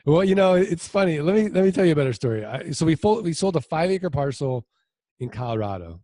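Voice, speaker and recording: A man being interviewed as a land investor, telling stories in a casual, animated way with lots of quoted dialogue. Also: fairly high pitch, quick pace, dry recording, clean studio sound. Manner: animated anecdotes with voiced quotes.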